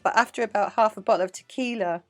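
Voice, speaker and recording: A woman's voice: mid-range voice, fast. Chatty English woman telling stories. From England. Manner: chatty, animated anecdotes. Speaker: dance teacher and guest. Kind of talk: casual interview storytelling.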